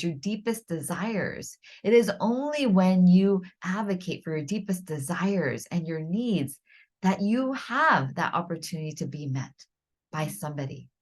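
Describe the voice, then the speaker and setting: A woman hosting a podcast, earnestly and gently teaching, with frequent restarts and self-corrections. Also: on the low side. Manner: earnest, encouraging, gently instructive. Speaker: podcast host.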